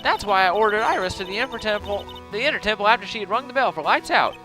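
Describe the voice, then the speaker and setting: A man voicing a fussy old head nun with a bad back, in a put-on Southern US accent, high and fretful. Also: expressive, racing, bright, forceful tone, faint music behind.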